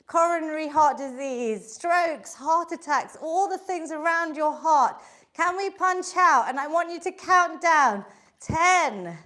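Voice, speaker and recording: High-voiced woman leading a slow, encouraging workout. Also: fairly bright tone. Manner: encouraging, chatty coaching with counting. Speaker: fitness instructor. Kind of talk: live online exercise class.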